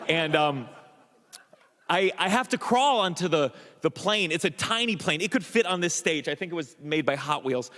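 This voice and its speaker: A man doing a stand-up comedy set, telling an animated story full of stammers and restarts, acting out the voices of the people in it. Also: fairly high pitch, moderate pace, big-room sound, slight background noise. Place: comedy club stage. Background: audience laughter.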